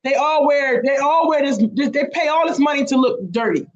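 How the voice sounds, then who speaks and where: A woman's voice: high-pitched, animated, fairly quick, highs cut off. A woman co-hosting a radio talk show, opinionated and blunt in casual banter, swearing freely.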